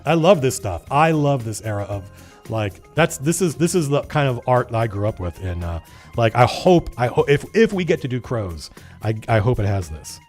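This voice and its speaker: Animated man reading zines on a livestream. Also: mid-range voice, normal speed, soft background music. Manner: animated, rambling, breaks off to comment. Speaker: livestream host. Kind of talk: casual livestream chat, reading old zines aloud.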